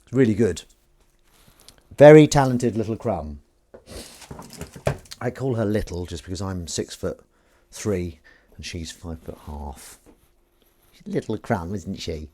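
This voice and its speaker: A man's voice: low voice, animated, slow, long pauses, dark tone, slightly rough. A young man hosting a live stream, chatting casually and reading out viewers' messages. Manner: chatty, self-mocking, reads chat aloud. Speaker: livestream host. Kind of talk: casual chat while washing up.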